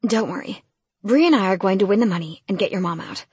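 A woman's voice: mid-range voice, expressive, quick pace, a little mellow, slightly rough, dry recording. A woman voicing a blunt, tough young woman fighter in a storybook reading. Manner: blunt, matter-of-fact.

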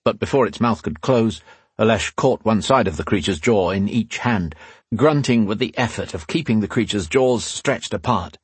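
A male audiobook narrator reads fantasy prose in a measured, dramatic, expressive way, his voice low and husky. The close mic gives a dry recording with no sense of a room.

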